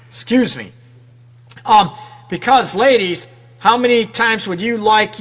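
Unhurried yet bright and forceful, this fairly high-pitched man hosts a radio advice show as a relationship counselor. He addresses his audience frankly and conversationally, peppering them with rhetorical questions.

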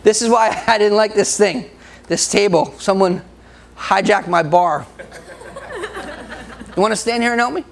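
High-voiced gravelly preacher man. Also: measured pace, long pauses. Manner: laughs often, jokes with the congregation. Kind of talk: sermon.

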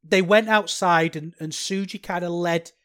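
Podcaster, solo match review, rambling and self-deprecating, mid pitch. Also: steady tone, unhurried, fairly bright tone, clean tone.

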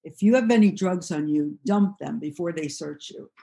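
A woman's voice: low voice, moderate pace, creaky, mellow, voice pushed down. A woman voicing a winded, concerned male transit cop in an earnest, worried tone within a memoir reading.

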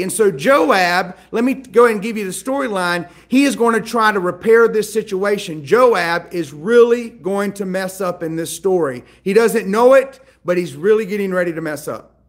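A man preaching a sermon, retelling a Bible story in a conversational way and checking in with his listeners as he goes. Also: sits high.

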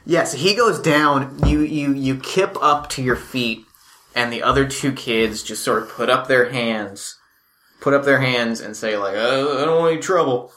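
A man runs a tabletop role-playing game as game master. His voice is bright and forward, and he narrates in a loose, playful way, often slipping into quick voices for the other characters. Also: mid-range voice.

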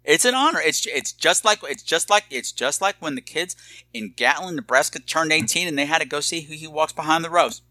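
A man's voice: on the high side, animated, brisk, pushed and bright, dry recording. A man co-hosting a podcast, trading campy, crude jokes about a movie and laughing at his own lines. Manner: slips into put-on voices. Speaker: podcast co-host. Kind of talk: casual comedic movie chat.

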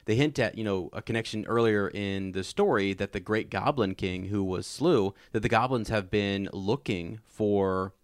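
A man co-hosting a podcast, chatting about a book and reading passages aloud slowly and dramatically, laughing easily. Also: lowish voice, no echo, clean studio sound. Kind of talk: casual book discussion with read-aloud passages.

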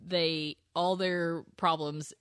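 A woman's voice: on the low side, level tone, slow, fairly bright tone, smooth, no echo, studio quality. A woman co-hosting a casual podcast, laughing often as she presents song facts. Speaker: podcast co-host. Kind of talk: casual chat.

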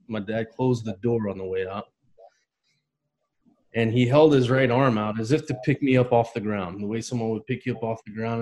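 A man's voice: mid-range voice, darkish tone, poor audio. A man in his thirties telling an emotional personal story in a casual conversation, earnest and heartfelt. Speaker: podcast guest.

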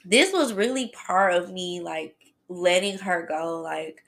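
A woman hosting a podcast, telling a personal story in a chatty, animated way and talking straight to her listeners. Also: fairly low pitch, takes it slowly, creaky. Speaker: podcast host. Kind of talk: casual storytelling.

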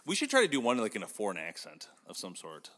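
A man hosting a podcast in casual chat, telling stories in an animated way. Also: lowish voice, fast, big-room sound. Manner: animated storytelling with laughs. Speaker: podcast host.

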